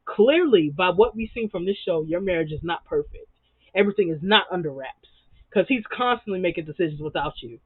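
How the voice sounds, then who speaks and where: A man's voice: high voice, animated, brisk, slightly rough, dry recording. A man giving a casual, sassy reality TV recap, full of slang and repeated words for emphasis. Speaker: TV recap vlogger. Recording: dry tinny phone-like sound.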